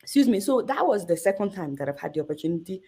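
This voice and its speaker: Animated Nigerian woman telling a story. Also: quick pace, slightly rough. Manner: acts out quoted voices with big pitch jumps. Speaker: journalist guest.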